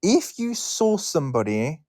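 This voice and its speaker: A British man hosting a casual online chat, playful and quick to laugh. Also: on the high side, dry recording, studio quality. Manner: animated, laughs often, playful. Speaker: host.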